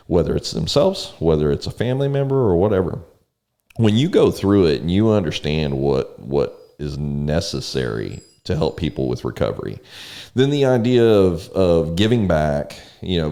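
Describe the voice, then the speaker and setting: A man talking in a relaxed conversation, earnest and rambling, often repeating words as he tells stories. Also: low-pitched. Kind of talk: casual conversation.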